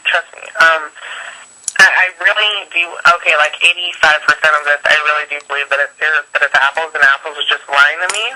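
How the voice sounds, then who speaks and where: A man's voice: a little high, steady tone, fairly quick, bright, forceful tone. A young man on a phone call, rambling through gossip with lots of fillers and swearing.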